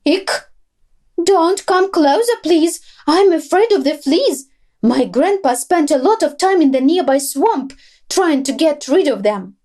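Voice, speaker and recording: A woman's voice: high voice, lively intonation, a little slow, dark tone, pitched above the performer's own voice. Storybook hare, male, woman-voiced, nervous and raised. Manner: anxious and pleading.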